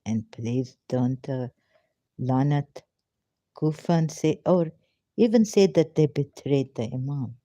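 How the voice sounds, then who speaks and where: Low, dark-voiced woman questioning a text. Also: takes it slowly, no echo. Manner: emotional, pleading rhetorical questions. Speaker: ex-Muslim commentator. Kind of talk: reading a religious text aloud and commenting on it. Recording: dull, lo-fi, dry sound.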